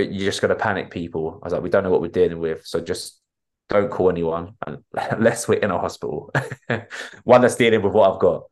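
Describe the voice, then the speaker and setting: Telling his story candidly in a casual interview, this podcast guest is a coach from North London with a deep, slightly mellow voice. He retells events vividly and acts out the dialogue he quotes.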